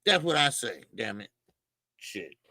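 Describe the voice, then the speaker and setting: A man's voice: fairly low pitch, sing-song, measured pace, gravelly, sharp tone, no echo, low-quality recording. A male boxing show host, ranting heatedly and profanely on a livestream.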